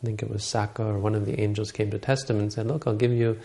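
A man retells a Buddhist story in a dharma talk, halting often and correcting himself. His voice is low and gravelly. It is dark in tone and stays flat. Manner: halting, many restarts and self-corrections.

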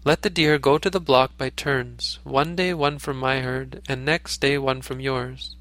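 A man voicing a noble, selfless male deer king in a storybook reading, speaking in a calm, gentle, pleading way. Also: medium pitch, unhurried, no echo, natural voice.

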